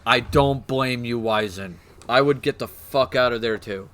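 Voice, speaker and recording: A man streaming, excitedly explaining game lore in casual chat, swearing and laughing. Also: mid-range voice, measured pace.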